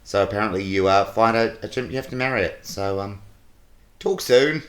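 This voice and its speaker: A man's voice: fairly low pitch, close to an everyday voice. A man voicing a bumbling presenter who stumbles through a disclaimer with constant "uh"s. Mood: awkward. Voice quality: halting, full of "uh"s, awkward.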